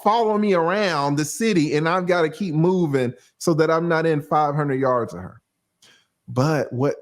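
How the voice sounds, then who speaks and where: Man, livestream legal breakdown, casual, profane, animated, slightly high voice. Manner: animated, profane, acts out judges in quick asides. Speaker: livestream host, lawyer.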